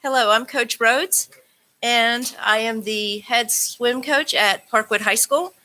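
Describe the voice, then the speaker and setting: A woman, a head swim coach, giving a short, plain, slightly halting introduction of a student at a board meeting. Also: on the high side, pushed and bright. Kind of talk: brief formal introduction.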